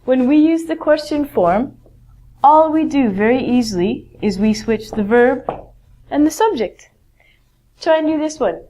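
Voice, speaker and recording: A woman's voice: high-pitched, expressive, a little slow, dark tone. A woman teaching a basic grammar lesson, patient and encouraging, explaining step by step. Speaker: English teacher.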